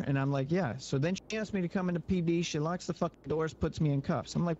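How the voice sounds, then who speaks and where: Slightly high man, lo-fi mic. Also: fairly quick, hardly any pauses, a little mellow, slight background noise. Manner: rambling, storytelling with quoted dialogue. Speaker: role-play player. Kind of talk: in-character role-play storytelling.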